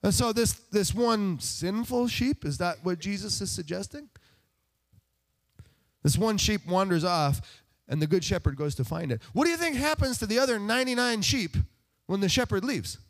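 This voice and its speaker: Lively, conversational male preacher. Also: sits high, moderate pace. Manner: conversational, asks the congregation rhetorical questions; self-deprecating humor. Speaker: pastor. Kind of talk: sermon.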